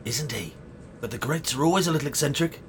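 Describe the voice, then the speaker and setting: A man's voice: on the high side, fast talker, a little hiss or hum, natural voice. An actor playing a pompous, foul-mouthed, combative man who thinks himself a great talent, speaking in theatrical outbursts. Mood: grandiose ranting. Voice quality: theatrical, grandiose, sweary outbursts. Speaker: would-be actor in a sitcom. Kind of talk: sitcom acting.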